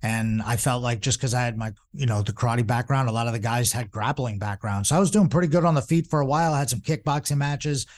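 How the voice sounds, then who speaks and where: A man's voice: medium pitch, steady tone, fast, hardly any pauses. A man in his forties, a jiu-jitsu instructor, telling stories in a casual, rambling way, with lots of fillers and restarts. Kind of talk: casual storytelling.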